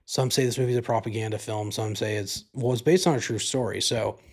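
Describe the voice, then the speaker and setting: A man with a lowish, fairly even voice hosts a podcast at a brisk clip. He rambles through a casual movie review, swearing freely and leaning on "like" and "you know."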